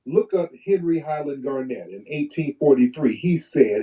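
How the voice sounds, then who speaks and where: A man hosting a live talk stream, talking in a preachy way and reading old quotes slowly with emphasis. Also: on the high side, expressive. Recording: distant, muffled live stream audio.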